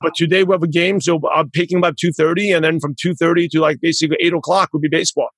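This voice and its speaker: Podcast host, male, husky and quick, rambling chat. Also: a little high, level tone, a bit bright, no echo. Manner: rambling, self-correcting, proud father. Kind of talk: casual interview chat.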